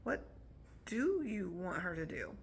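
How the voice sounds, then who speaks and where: A woman's voice: lowish voice, sing-song, slow, gravelly, slight background noise, full character voice. A woman reading a wry, kind young boy.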